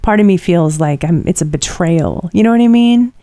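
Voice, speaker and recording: Middle-aged woman co-host, rambling chatty delivery, fairly low warm voice, dry close sound. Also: expressive, moderate pace, dry recording. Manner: rambling and chatty, many fillers. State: tired. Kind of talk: casual chat, personal storytelling.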